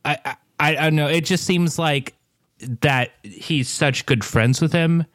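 A man's voice: on the high side, unhurried, a bit bright, no room sound, studio quality. A young man co-hosting a casual comedy podcast, riffing and joking through tangents. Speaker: podcast co-host.

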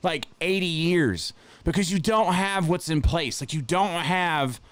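High-voiced man ranting, profane and emphatic. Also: measured pace, a bit bright, dry recording. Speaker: podcast co-host. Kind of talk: casual podcast banter.

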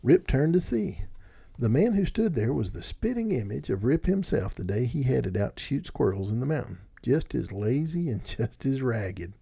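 A man narrating a storybook in an expressive, animated reading. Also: mid-range voice, normal speed, vocal fry, husky.

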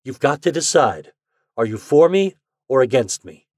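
A man's voice: medium pitch, very animated, moderate pace, a little mellow, dry recording, clean studio sound, voice pushed up. Man voicing a determined young journalist. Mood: urgent. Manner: earnest, insistent.

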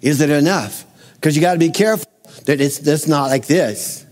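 A man's voice: a little high, lively intonation, moderate pace, in a large hall. A man preaching a sermon to a congregation in a conversational way, asking them direct questions. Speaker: pastor.

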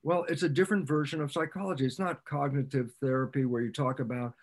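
A man speaking as a guest scientist on a podcast, an animated storyteller who repeats phrases for emphasis and acts out little exchanges. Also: mid-range voice, quick pace. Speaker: podcast guest, cell biologist. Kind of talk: explanatory interview talk.

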